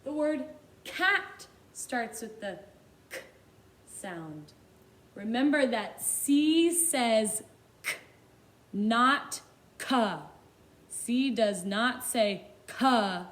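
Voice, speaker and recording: A woman teaching a phonics lesson to young children, drawing out sounds in a slow sing-song manner. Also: a little high, expressive, reverberant. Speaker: kindergarten teacher.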